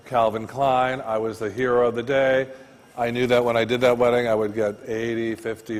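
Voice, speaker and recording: A man teaching a floral design class, telling stories with loud bursts and quiet asides. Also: lowish voice, big-room sound.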